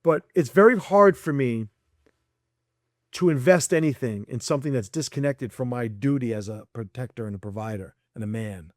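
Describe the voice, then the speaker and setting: A man's voice: medium pitch, moderate pace, dry recording, studio quality. A man speaking as a podcast guest in a casual chat, blunt and profane, laughing between points and acting out people he quotes.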